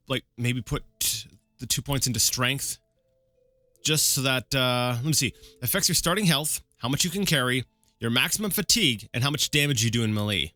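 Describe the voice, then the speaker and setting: A let's play commentator talks his way through a video game live and casually, in a bright, forward, medium-pitched voice. He thinks out loud, rambling and self-correcting with frequent fillers and restarts, while faint game music plays beneath him with no room sound.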